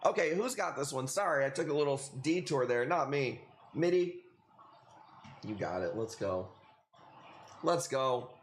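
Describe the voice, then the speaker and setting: A man from Illinois with a Chicago accent hosts a casual livestream selling corals, rambling and chatty with frequent laughs and many fillers. His medium-pitched voice has lively intonation and an unhurried pace with long pauses. The room is echoey with faint noise.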